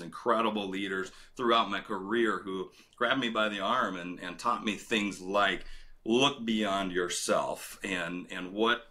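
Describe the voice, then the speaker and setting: Middle-aged man, low crisp voice, rambling interview guest. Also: sharp tone. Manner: rambling, many fillers and restarts. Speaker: former retail director, guest. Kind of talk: casual interview storytelling.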